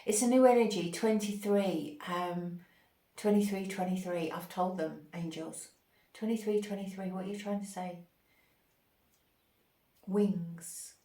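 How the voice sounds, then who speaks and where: A woman hosting a spiritual channel, giving an intuitive channeled reading in a dreamy, gushing way, pausing as if to receive words. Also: medium pitch, dark tone. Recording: roomy echo.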